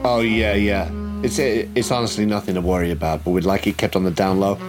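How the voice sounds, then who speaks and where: A man's voice: deep voice, fast, over music. A man playing a tabletop game, talking in an easygoing, jokey way. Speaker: player. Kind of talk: tabletop game play, in character.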